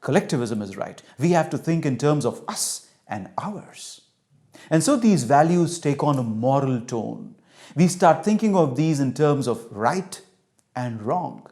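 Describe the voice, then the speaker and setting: A man giving a lecture on cultural values. He teaches through an animated story and acts out the dialogue. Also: mid-range voice, unhurried. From India. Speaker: cultural intelligence trainer.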